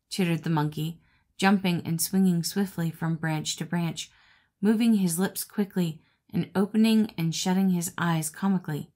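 A woman narrating a classic fable as an audiobook reader, in a steady, expressive reading voice. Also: on the low side, moderate pace. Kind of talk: storybook narration.

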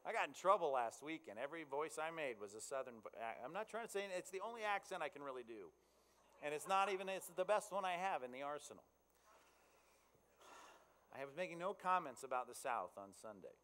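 A male pastor preaching in an easy, conversational style, often asking his listeners if they follow. His voice sits a touch high and carries a long reverb, as in a big hall. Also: lively intonation, a little fast, a bit bright. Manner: conversational, checks in with the audience. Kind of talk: sermon.

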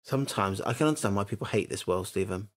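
A man co-hosting a casual podcast chat, playful and expressive, cracking jokes. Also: fairly low pitch, fast. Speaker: podcast co-host.

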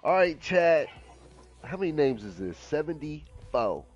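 A man's voice: fairly high pitch, sing-song, measured pace, highs cut off, music in the background. A man co-hosting a game livestream, upbeat, reading chat messages aloud, laughing and running a giveaway. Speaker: co-host of a game stream.

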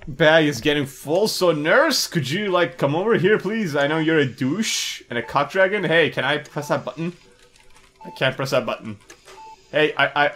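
A goofy young man joking his way through a video game, laughing and swearing often. His voice sits fairly high for a man and swings all over the place in pitch. It is casual, playful let's-play commentary. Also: fairly bright tone. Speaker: gaming video host.

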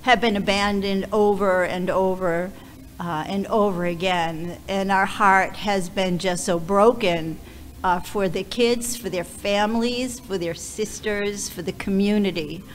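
A woman speaking as a visiting ministry leader in a heartfelt church talk, earnest and emotional, pausing often and restarting her sentences. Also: medium pitch, steady tone, slight background noise. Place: church sanctuary. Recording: reverberant hall, faint background ambience.

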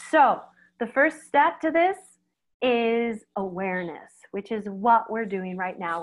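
A middle-aged woman, a veterinarian, giving a conversational webinar talk, lively and speaking straight to her audience. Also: mid-range voice, narrow, tinny audio. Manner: lively, acts out quoted reactions, addresses audience directly.

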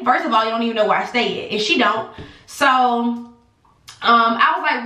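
A young adult woman telling an animated, sassy storytime to her viewers in a casual vlog. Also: on the high side, normal speed. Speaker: vlogger. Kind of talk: casual storytime chat to camera. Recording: echoey room.

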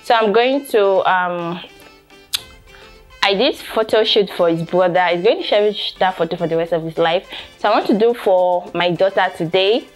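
A young woman with a Nigerian accent talks to her camera in an easygoing home vlog. Her pitch sits in a middle range for a woman, and she keeps circling back to the same points with plenty of "you know". Faint music plays softly behind her voice. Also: normal speed. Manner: chatty, repeats herself, many fillers like "you know". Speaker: vlogger and photographer. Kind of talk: casual vlog talk to camera.

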